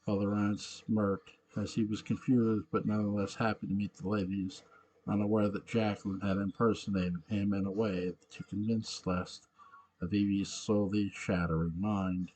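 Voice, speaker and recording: Low-voiced man reading a story haltingly. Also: level tone, darkish tone. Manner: halting reading with frequent self-corrections. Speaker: narrator.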